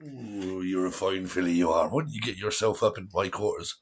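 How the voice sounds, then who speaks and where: A man's voice: deep voice, breathy edge. A man putting on the voice of a lecherous, boozy male pirate captain, drawing out his flirty lines. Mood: leering. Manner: leering, drawn-out flirty drawl.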